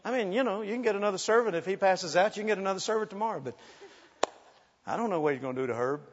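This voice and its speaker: A man's voice: high voice, very fast, long reverb tail, lo-fi sound, a little hiss or hum. A man preaching, telling humorous stories animatedly and acting out the voices of the people in them. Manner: animated, humorous, acts out quotes, laughs often. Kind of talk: sermon storytelling.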